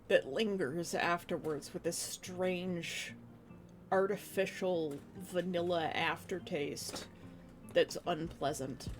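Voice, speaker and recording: Brief: young woman streamer, low-pitched, rambling casual chat, faint music underneath. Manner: chatty, rambling, frequent laughs and restarts.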